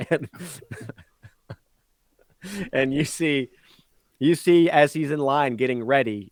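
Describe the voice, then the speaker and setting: A man of middling pitch runs a tabletop game as game master, describing scenes in a loose, rambling way with lots of ums and laughter. The mic is close and the sound dry, without room echo. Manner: rambling, giggly narration full of ums.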